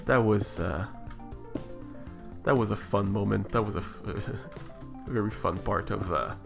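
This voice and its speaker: Guy streaming and musing out loud, kinda gravelly, lots of restarts, soft music under it. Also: lowish voice, a little slow. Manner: hesitant, many restarts and fillers, reflective. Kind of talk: casual live-stream chat while building.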